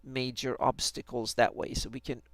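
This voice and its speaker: A man's voice: mid-range voice, flat delivery, moderate pace, no room sound. A man thinking aloud on a live stream as he draws a fantasy map, hesitant, with many restarts. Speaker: fantasy map maker streaming his work.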